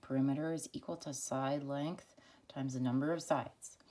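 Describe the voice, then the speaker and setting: A woman's voice: steady tone, normal speed, dark tone. A woman voicing a laid-back male hexagon who talks in surfer-style slang and often half-whispers. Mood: explaining. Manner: surfer-style slang, calls everyone dude; low, half-whispered delivery.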